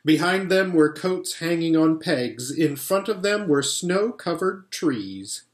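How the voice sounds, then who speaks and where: A pastor reading a storybook aloud in an expressive, animated way, in a roomy-sounding space. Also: male voice, fairly high pitch, takes it slowly. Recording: roomy echo.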